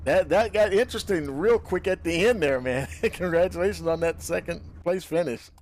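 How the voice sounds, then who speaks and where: A man hosting a broadcast and interviewing drivers after a race, with a folksy, drawn-out way of talking. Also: sits high, a little mellow, slight background noise.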